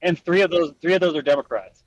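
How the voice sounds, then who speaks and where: A young man with a fairly high voice talks politics on a casual podcast. He hedges and restarts his sentences a lot, earnest in tone. The recording is close and dry, with no room sound. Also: fast talker, no echo, rough recording. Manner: earnest, hedging with many restarts. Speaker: podcast co-host.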